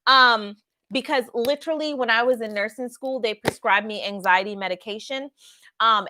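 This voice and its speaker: A woman's voice: fairly high pitch, sharp tone. A woman, chatting casually and laughing with her viewers. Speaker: vlogger. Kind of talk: casual chat.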